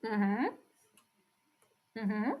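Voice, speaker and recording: A woman's voice: medium pitch, steady tone, extremely slow, highs cut off. A woman giving casual live play-by-play commentary on a stream, chatty and reacting to each play while talking with her chat.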